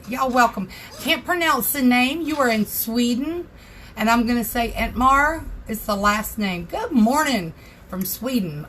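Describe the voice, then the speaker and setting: A woman's voice: fairly high pitch, pushed and bright, slight background noise. A woman hosting a casual craft tutorial livestream from her home craft room, chatting and greeting viewers by name.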